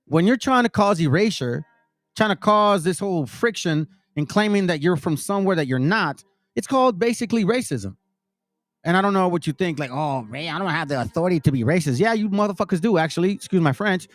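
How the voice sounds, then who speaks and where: A man's voice: high voice, animated, brisk, dry recording. A man hosting his own channel, giving heated, preachy commentary over video clips and speaking straight to his listeners. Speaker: channel host reacting to videos.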